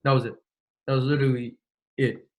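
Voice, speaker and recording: A young man speaks as an interview guest, recounting events in loose, slangy talk. He swears freely and acts out both sides of conversations. His voice sits at an ordinary middle pitch. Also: level tone, darkish tone. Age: young adult. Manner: slangy, profane, quick retelling with quoted dialogue. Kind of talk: casual storytelling.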